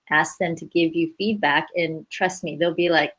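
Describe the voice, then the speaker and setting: A woman's voice: low voice, fairly even intonation, normal speed, fairly bright tone, poor audio. A woman leading a writing workshop in a chatty, upbeat way, laughing easily as she explains. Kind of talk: casual teaching chat.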